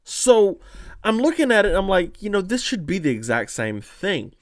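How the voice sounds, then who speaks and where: A man hosting a casual fight-analysis stream, reading chat comments and talking in an animated way with lots of fillers and restarts. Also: high-pitched, normal speed, dry recording, clean studio sound. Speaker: podcast host analyzing fights.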